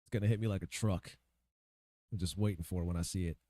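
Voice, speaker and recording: Deep, dark-toned and steady, this man talks fast while playing a game for his video channel. His commentary is casual and profane, full of ranting, free swearing and talking to himself as he searches.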